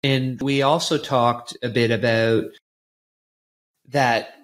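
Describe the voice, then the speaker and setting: A man hosting a podcast interview, earnest and halting, often restarting his sentences. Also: mid-range voice, steady tone. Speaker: podcast host. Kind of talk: conversational interview.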